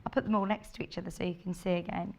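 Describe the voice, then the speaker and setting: A woman's voice: lowish voice, steady tone, very fast, gravelly. A woman presenting fabrics live on a shopping channel, chatty and gushing as she reads out viewer messages. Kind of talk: live on-air product presentation.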